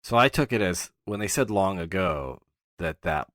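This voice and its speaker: A man's voice: sits low, animated, normal speed, fairly bright tone. A man co-hosting a podcast, musing aloud in a playful, easygoing way. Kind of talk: casual TV discussion chat.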